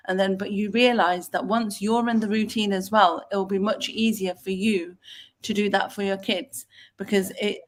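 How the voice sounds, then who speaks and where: Lady host rambling away casually, lots of ums, even middle pitch. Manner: chatty, rambling with fillers. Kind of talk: casual online chat.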